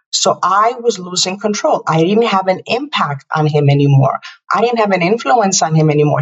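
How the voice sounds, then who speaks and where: A woman in her fifties, a mother and parenting guest, telling a personal story in an interview in a reflective, halting way with many restarts. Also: lowish voice. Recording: distant, muffled remote audio.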